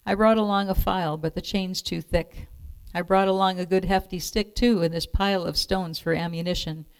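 A woman's voice: lowish voice, fairly even intonation, smooth, close to an everyday voice. A woman reading a feisty young lady. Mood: spirited. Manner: brisk and spirited. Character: bold, feisty young noble maiden.

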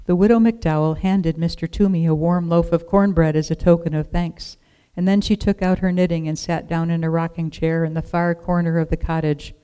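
Calm storybook reader, mellow warm voice, smooth and clear. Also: mid-range voice. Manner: calm, measured narration. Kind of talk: storybook reading.

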